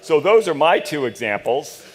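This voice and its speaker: A man giving a conference talk, reading out an anecdote in a dry, deadpan way, from a large conference hall. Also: fairly high pitch, normal speed. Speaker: conference speaker. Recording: echoey conference hall over PA.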